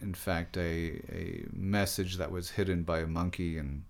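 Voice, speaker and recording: A man, a poet and artist, talking haltingly about his work in an interview. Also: deep voice, flat delivery, vocal fry. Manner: halting, many restarts. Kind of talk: casual interview talk.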